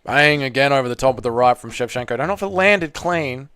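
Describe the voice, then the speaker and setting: A man hosting a live fight watch party, giving blunt, excitable casual commentary, swearing freely and reading chat. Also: mid-range voice, brisk, clear, resonant tone.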